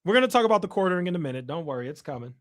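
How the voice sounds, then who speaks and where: A man's voice: a little high, big pitch swings, very fast. A young man from Chicago hosting a casual livestream, reading comments and teasing his viewers playfully. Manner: teasing, playful trash talk to chat. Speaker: livestream host.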